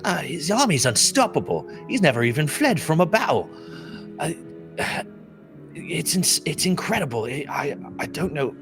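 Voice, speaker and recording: A man voicing a frightened, defeated villager who stammers and trails off quietly. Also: a little high, big pitch swings, normal speed, over music, voice pushed up. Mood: fearful.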